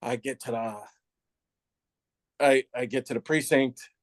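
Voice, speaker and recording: A middle-aged man with a mid-range voice takes his time telling a candid story about his past as a New York City police officer, now retired, in a dry recording. He's lively, laughs frequently, and acts out what others said.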